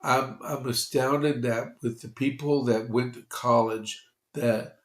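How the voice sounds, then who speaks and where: Slow, congested male news podcaster. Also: medium pitch, fairly even intonation, echoey room. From Texas. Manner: slow, halting, with frequent fillers and restarts. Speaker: podcast host. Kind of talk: conservative news commentary, reading opinion pieces.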